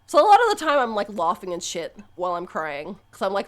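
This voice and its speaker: A young woman streamer chatting candidly on a live stream, swearing freely and breaking into loud laughs. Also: mid-range voice, sing-song, fairly quick. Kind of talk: casual live-stream chat.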